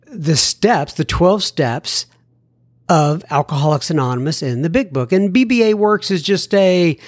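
A man's voice: fairly high pitch, expressive, unhurried, no echo, clean studio sound. A man with a Texan accent hosting a podcast, chatting casually as he reads listener mail, folksy and full of fillers. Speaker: podcast host.

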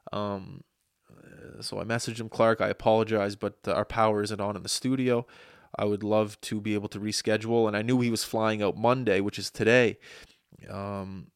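A man's voice: lowish voice, dry recording, studio quality. A young man, hosting a podcast and telling a rambling, self-deprecating story full of restarts. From Atlantic Canada. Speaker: podcast host. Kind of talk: casual monologue. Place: small studio.

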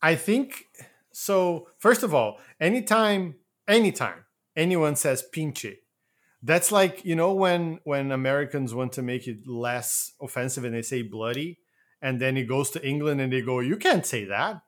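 A man's voice: mid-range voice, unhurried. A man co-hosting a casual movie podcast, joking and explaining slang with bursts of laughter. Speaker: podcast co-host.

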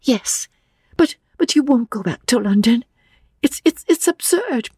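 A woman voicing a nervous, flustered young woman who stammers in a high voice. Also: expressive, a little slow, dark tone, husky, no room sound, studio quality. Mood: anxious.

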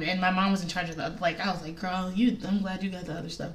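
A woman's voice: lowish voice, level tone, a little fast, few pauses, far from the mic, a little hiss or hum. A woman in her thirties telling a personal story in casual talk, chatty and emotional, with many fillers and frequent laughs.

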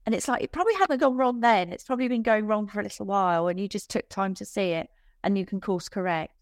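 A woman speaking as a business coach in a casual podcast interview, chatty and quick to laugh, with self-deprecating asides. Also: medium pitch, no echo, studio quality.

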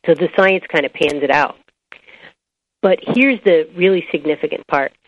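A woman with a low-pitched voice explains her subject step by step as an interview guest, slipping into anecdotes as she goes. The recording sounds dull and lo-fi. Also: moderate pace. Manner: animated storyteller, explains step by step. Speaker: author and biology professor, guest.

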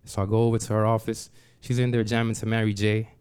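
A man's voice: lowish voice, little pitch movement, fast, darkish tone, clear, resonant tone. A man telling a personal story to an audience, conversational and emphatic, leaning on "like" and restarting phrases as he builds tension.

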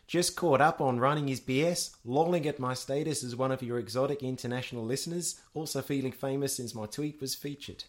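A man's voice: mid-range voice, a little fast, few pauses, natural voice. A man putting on a New Zealand accent to read out a woman listener's message. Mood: chirpy. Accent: New Zealand (put on). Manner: reading a tweet aloud, self-mocking.

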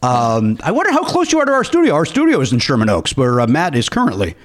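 Lively, jokey man hosting a podcast. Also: medium pitch. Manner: quick, jokey, exaggerated outbursts. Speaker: podcast host. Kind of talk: casual comedy podcast chat.

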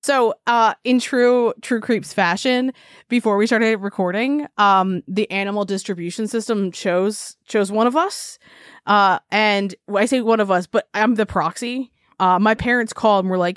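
A woman's voice: medium pitch, normal speed, no room sound. Woman, casual podcast co-host, giggly and playful, dry close mic. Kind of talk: casual chat.

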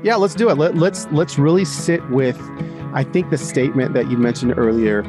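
A man's voice: medium pitch, normal speed, music in the background. A man on a podcast as guest author, telling stories in casual talk and acting out the people he quotes. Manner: animated, acts out quoted voices. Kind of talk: casual podcast conversation, storytelling.

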